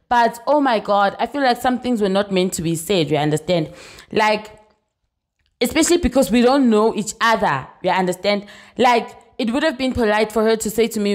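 A woman's voice: fairly high pitch, lively intonation, normal speed, darkish tone. Young South African woman, vlogger, casual storytime delivery, chatty, keeps checking in with the viewer. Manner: chatty, mixes Zulu phrases into English, keeps checking in with "you understand?".

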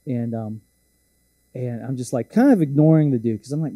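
Husky, dark-voiced male preacher. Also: mid-range voice, normal speed, dry recording. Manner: casual, joking, self-deprecating. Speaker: pastor. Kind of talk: sermon storytelling.

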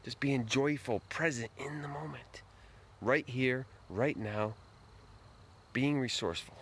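A man's voice: medium pitch, slow pace, a bit bright, slight background noise. A man hosting a late-night live stream outdoors, greeting viewers by name and giving a folksy, earnest motivational talk.

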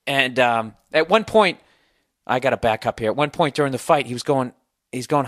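A man's voice: mid-range voice, lively intonation, fairly quick, a bit bright, dry recording, studio quality. Profane ranting man with a sore throat. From United States. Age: 40s. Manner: profane, rambling storyteller, incredulous. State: sore throat, slightly hoarse. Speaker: podcast host. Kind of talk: casual podcast rant.

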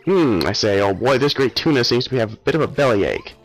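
A man's voice: mid-range voice, lively intonation, a little fast, faint music behind, low-quality recording. A man voicing a pompous upper-class explorer with an affected plummy manner. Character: pompous posh male explorer.

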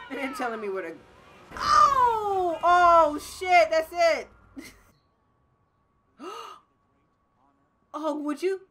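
A young woman, giving loud, excitable gameplay commentary, swearing often, shouting and laughing as she plays. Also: fairly high pitch, background noise. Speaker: gaming streamer.

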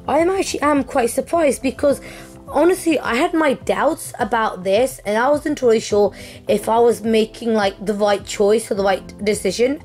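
A young woman streamer chatting casually through an unboxing, excitable and apologetic, with many fillers and restarts. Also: fairly high pitch. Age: young adult. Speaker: gaming streamer.

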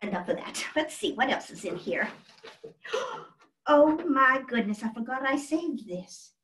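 A woman's voice: fairly high pitch, animated, moderate pace, natural voice. An actress as a genteel 1800s widow spins family tales in a chatty, exclamatory way, her voice rising and falling freely. She is on a stage, heard from a distant mic in a roomy hall. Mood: fond. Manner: fond, chatty storyteller with exclamations. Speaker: actress portraying a historical first lady. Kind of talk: live one-woman historical reenactment. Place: stage before a live audience.

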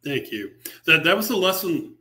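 A man presenting a software library at a virtual user group meetup, talking casually with fillers, restarts and sarcastic asides. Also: on the high side, big pitch swings, normal speed. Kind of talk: technical presentation on a live stream. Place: remote meetup talk over a video call.

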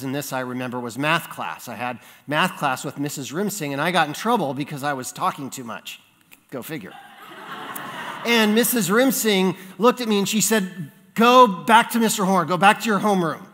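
A man preaching a sermon, telling a childhood story in an animated way and acting out the voices in it. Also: a little high, moderate pace. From California. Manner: animated storyteller, acts out voices in his anecdotes. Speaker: pastor. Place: church sanctuary. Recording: long reverb of a church sanctuary.

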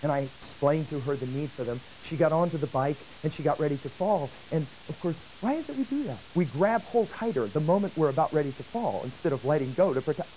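Animated man lecturing on a dull hissy tape. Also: a little high, fast, few pauses. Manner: animated, asks the audience questions. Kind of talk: storytelling lecture. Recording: dull old tape with faint hiss.

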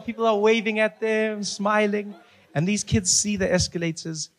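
A male stand-up comedian telling a story in an animated way and acting out the people in it. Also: high-pitched, slight background noise. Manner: animated, acts out characters.

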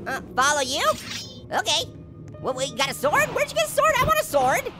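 A sky-high, squeaky cartoon orange chatters through a video game, giggling at his own puns. His bouncy voice leaps up and down without rest, over loud game music. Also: brisk, exaggerated voice. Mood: goofy. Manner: punning, giggling, chattering excitedly. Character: wisecracking male talking orange, giggly prankster. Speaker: gaming channel host. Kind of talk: cartoon-character game commentary.

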